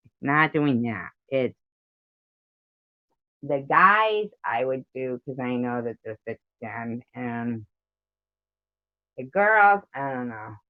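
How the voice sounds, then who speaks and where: American woman, livestream host, rambling chatty delivery, muffled low-fi audio. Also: animated, takes it slowly, long pauses, dry recording. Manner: rambling, giggly, reads out viewer comments. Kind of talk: casual livestream chat. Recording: dull lo-fi stream audio.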